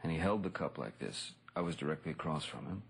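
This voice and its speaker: A man recounting anecdotes in a relaxed interview, rambling and laid-back with frequent "you know" and chuckles. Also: extremely low pitch, quick pace, gravelly, breathy edge. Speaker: actor recalling a colleague. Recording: music bed under speech.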